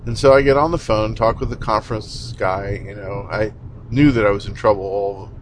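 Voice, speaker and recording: A man with a fairly low voice tells a story in a loose, rambling way, full of "you know" and "um." He sounds blunt and easily exasperated and swears mildly now and then. Faint noise sits behind him. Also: fairly even intonation, normal speed, low-quality recording. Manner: rambling, conversational storytelling with many fillers. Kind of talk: casual monologue.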